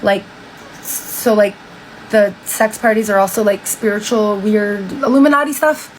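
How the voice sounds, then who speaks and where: A young woman talks straight into her phone, retelling a story in a loose, chatty way and peppering it with "like". Her pitch sits in a middle range. A faint hiss of noise runs under the recording. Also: steady tone, a little slow, poor audio. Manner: chatty, lots of "like", reacts with disbelief. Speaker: TikTok storyteller. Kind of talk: casual retelling of a book.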